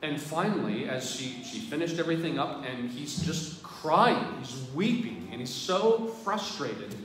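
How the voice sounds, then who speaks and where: A man's voice: fairly high pitch, animated, a little slow, fairly bright tone. A man, a priest, giving a sermon in a conversational way and speaking straight to the congregation. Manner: conversational, addresses the congregation directly. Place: large church. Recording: very echoey church, distant mic, background noise.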